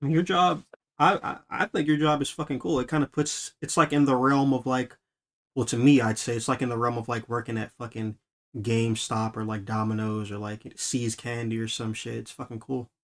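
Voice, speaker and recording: A man's voice: mid-range voice, flat delivery, moderate pace. A man hosting a casual podcast interview, laid-back and loose, swearing a lot and saying "like" and "bro" often. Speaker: podcast host. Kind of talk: casual conversation.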